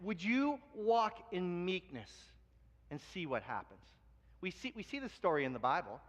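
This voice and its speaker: A high-pitched man preaching in an animated way, slipping into voices for the people in his stories. The sound is muffled and carries a long church-hall reverb. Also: moderate pace. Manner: animated storytelling, acts out quoted voices. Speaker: pastor. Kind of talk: sermon. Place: church sanctuary.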